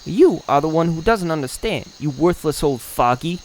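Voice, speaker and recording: Brief: man playing a brash, angry young game villager, lively pitch. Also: moderate pace, slight background noise, lightly acted. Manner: brash, insulting. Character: hot-headed young male villager.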